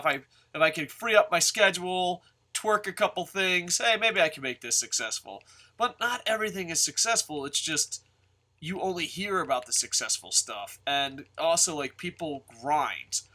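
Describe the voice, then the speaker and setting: A man hosts his own channel, giving a casual, rambling monologue full of frequent stammers and restarts. His voice is a little high, pushed, and bright.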